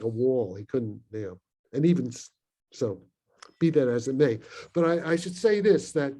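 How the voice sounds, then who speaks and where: An older man in his eighties from Brooklyn, his voice mellow and soft-edged, spins a long story on a video call. He rambles and digresses, piles up fillers and restarts, and chuckles between his points. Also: medium pitch. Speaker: panel guest, physicist.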